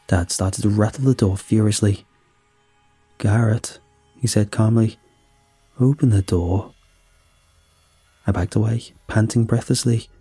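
A man reading a horror story aloud as scripted narration, in a steady, measured way. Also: fairly low pitch, slightly rough, dry recording.

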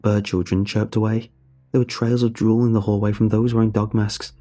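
A man narrating a scripted horror story in a measured, storytelling manner. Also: fairly low pitch, little pitch movement, mellow, soft background music.

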